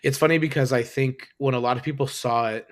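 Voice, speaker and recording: A man's voice: mid-range voice, quick pace. A man co-hosting a podcast, chatting casually about movies and laughing as he retells jokes. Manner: animated, laughs at own quotes. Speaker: podcast co-host. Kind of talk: casual chat.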